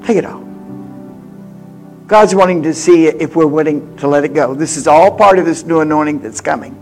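A woman in her eighties preaching a sermon with personal stories, swinging from loud exhortation to hushed confiding. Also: low voice, brisk, faint music behind. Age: 80s.

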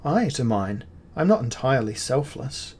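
A man's voice: medium pitch, big pitch swings, normal speed, darkish tone, breathy edge. A man reading aloud and voicing a scheming, cryptic male chaos god in a fantasy story. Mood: commanding.

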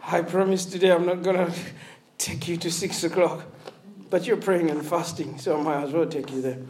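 A woman from Africa preaching a sermon, animated and laughing, often asking the congregation if they follow her. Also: fairly low pitch, measured pace, reverberant, slight background noise.

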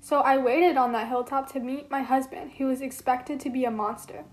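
A woman reads Psyche, a devoted young mortal woman, with earnest, plain delivery. Her voice sits high. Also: fairly even intonation, moderate pace, close to an everyday voice. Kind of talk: amateur read-aloud role-play.

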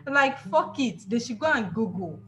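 A woman's voice: a little high, very animated, moderate pace. A woman from Nigeria co-hosting a podcast, chatting casually and animatedly about books, laughing often and repeating words for emphasis. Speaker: podcast co-host.

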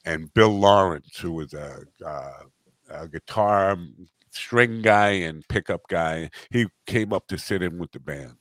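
A man in his fifties talks with a low voice that still rings bright and forward. He hosts a casual podcast and keeps breaking off his stories to laugh at them. His voice sounds dry and close. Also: measured pace, no echo. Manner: rambling, self-interrupting storyteller who laughs at his own stories. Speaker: podcast host. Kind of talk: casual chat, storytelling.

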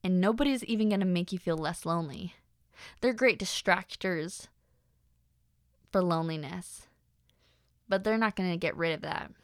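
A young woman talks through a casual podcast monologue, lower-pitched for a woman, her voice gravelly with vocal fry. She is chatty, full of fillers, and breaks into animated faith-filled asides. The sound is smooth and dry, close on the mic. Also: moderate pace, pauses often, dry recording. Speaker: podcast host.

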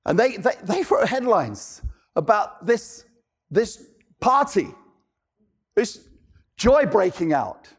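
A man with a high-pitched voice preaches to his congregation. He fires off rhetorical questions and repeats lines for emphasis. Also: big pitch swings, slow pace, pauses often, breathy edge. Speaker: pastor. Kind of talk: sermon.

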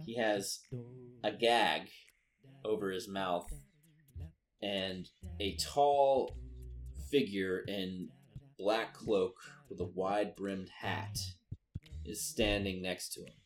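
A man narrating as game master of a tabletop game, relaxed and full of fillers and laughs. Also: low-pitched, slow pace, pauses often.

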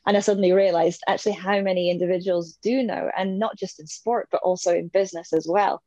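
A woman's voice: on the low side, fairly even intonation, quick pace, dark tone, dry recording, muffled recording. A woman in her thirties, talking as an interview guest in a casual, chatty way, laughing often and playing out little voices. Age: 30s.

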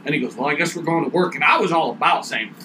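A man rattles off a story in loose, swear-heavy chat, and he acts out every quoted line as he goes. His voice sits a little high for a man. There's faint hiss in the background. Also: fast. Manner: profane, animated storyteller acting out quotes.

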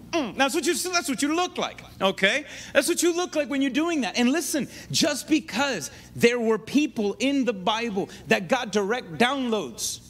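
A man preaching a sermon in an animated way, often checking in with his listeners. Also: very high-pitched.

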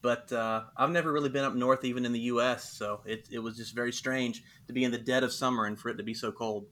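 A man's voice: mid-range voice, fairly even intonation, quick pace, fairly bright tone. A man with a Southern US accent from Alabama, hosting an interview in a chatty, folksy way and laughing often. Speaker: podcast host. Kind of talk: casual interview chat.

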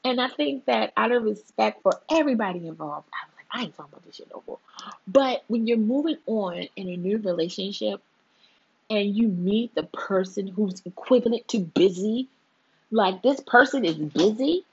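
A woman's voice: medium pitch, moderate pace, a little mellow, husky, dull audio. A woman hosting her own show in a casual monologue, emphatic and fond of repeating her points for effect.

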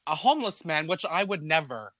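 A man's voice: a little high, big pitch swings, brisk, a bit bright, no room sound. A young man on a casual podcast, telling a story with lots of swearing and acted-out quotes in a raised voice. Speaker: podcast co-host.

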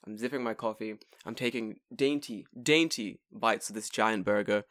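A man co-hosting a casual podcast, telling stories with lots of swearing and leaping into high mock voices when he quotes himself. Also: fairly even intonation, moderate pace, few pauses, a bit bright, no echo, clean studio sound. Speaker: podcast co-host. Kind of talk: casual chat.

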